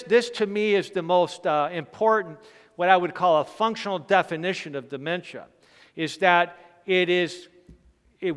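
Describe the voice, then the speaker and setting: A man's voice: high-pitched, fairly bright tone, clear, resonant tone. A middle-aged male physician giving a health seminar lecture, explaining points emphatically and often checking in with his audience. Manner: explanatory, checks in with "Okay" and "Right?"; emphatic, stresses key points. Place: church hall. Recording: long hall reverb.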